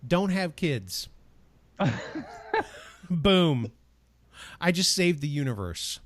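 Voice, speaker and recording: A man's voice: a little high, sing-song, extremely slow, dry recording. A man co-hosting a podcast, chatting casually with friends and tossing out joking, opinionated asides. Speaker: podcast co-host. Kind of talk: casual chat.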